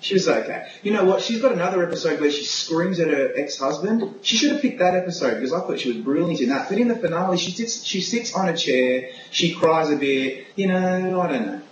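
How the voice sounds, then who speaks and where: A man's voice: on the high side, lively intonation, brisk, few pauses, roomy sound, highs cut off, slight background noise. A man arguing playfully as an awards pundit in a casual panel debate, laughing as he pushes his pick.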